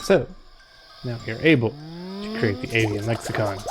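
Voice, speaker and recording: A man's voice: mid-range voice, sing-song, normal speed, music in the background. A man giving casual let's-play commentary in wry, mumbling asides. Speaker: gaming video creator.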